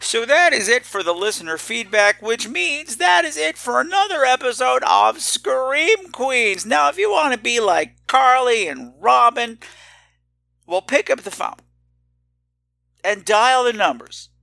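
Campy, animated male podcast host. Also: very high-pitched, a little slow, gravelly, no echo. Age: middle-aged. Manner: campy, theatrical, self-mocking. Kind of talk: horror podcast listener feedback and sign-off.

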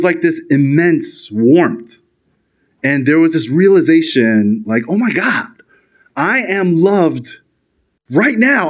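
An earnest male pastor preaching with a somewhat higher voice. He talks in quick bursts and then slows right down on the words he wants to stress. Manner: earnest, emphatic, shifts between fast and slow deliberate delivery. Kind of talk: sermon.

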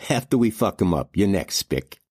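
A man's voice: sits low, very animated, normal speed, a little mellow, slightly rough, no echo, clean studio sound, voice pushed up, heavily acted. Man doing a dim-witted heavyset young thug. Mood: dopey.

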